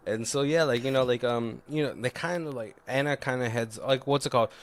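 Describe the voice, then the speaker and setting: A man's voice: mid-range voice, brisk. Laid-back man recapping a movie. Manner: loose retelling full of fillers, laughs often. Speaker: podcast co-host. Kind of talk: casual movie commentary chat.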